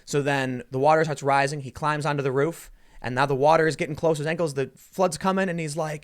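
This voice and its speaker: A man hosting a casual podcast chat, telling a story fast and acting out the voices in it. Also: on the high side. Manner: quick, animated storytelling, acting out quoted voices. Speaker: show host.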